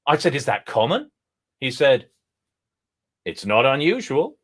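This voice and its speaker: A man's voice: mid-range voice, very animated, normal speed, pauses often, a bit bright. A man appearing as a guest musician on an online show, telling jokes in a dry, playful way.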